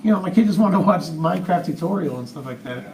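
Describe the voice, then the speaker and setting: A man's voice: sits high, expressive, fast, a little mellow, distant mic. A father making a comment to the speaker, rambling and hesitant with many restarts. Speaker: parent and event partner. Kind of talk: comment from the audience. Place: large room with an audience. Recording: echoey room, off-mic, faint noise.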